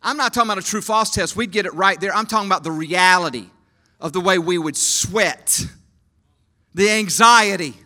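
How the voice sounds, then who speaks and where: A man preaching a sermon at a conference, swinging from hushed lines to shouts and asking the crowd to raise hands. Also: high voice, normal speed. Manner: talks with the crowd, asks for hands. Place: conference hall.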